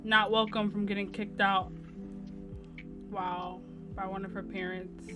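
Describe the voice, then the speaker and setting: A young woman giving casual let's-play commentary on a life-sim game, chatty and quick to exclaim. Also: mid-range voice, level tone, music in the background. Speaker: gaming channel host.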